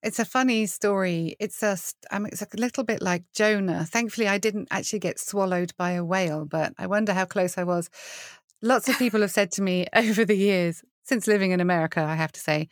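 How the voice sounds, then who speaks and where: A woman's voice: medium pitch, a little fast, no room sound, clean studio sound. A middle-aged British woman, a worship leader guesting on a podcast, telling stories with frequent laughter. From United Kingdom. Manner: animated storyteller, laughs often, acts out quoted voices. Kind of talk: conversational interview.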